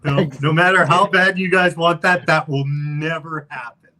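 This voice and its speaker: Animated man telling stories on a stream. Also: fairly high pitch, moderate pace, poor audio. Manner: animated, slips into character voices. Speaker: guest reviewer on a live stream. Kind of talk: casual chat, storytelling with impressions.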